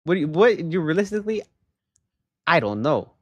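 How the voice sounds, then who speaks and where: A young man chatting casually on a livestream, telling a story in an animated way and rising into loud exasperation. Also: fairly high pitch, a little fast, no room sound. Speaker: live streamer.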